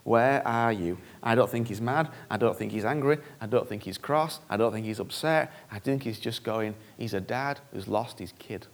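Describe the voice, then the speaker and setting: A man's voice: on the low side, normal speed, few pauses. A male preacher giving an earnest, conversational sermon that often repeats phrases for emphasis.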